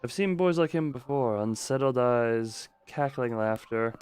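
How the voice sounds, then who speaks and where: A man's voice: mid-range voice, measured pace, a little mellow, clear, resonant tone, faint music behind. A man streaming a game, reading the on-screen text aloud and breaking off for joking remarks. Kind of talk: live gameplay stream, reading a visual novel aloud.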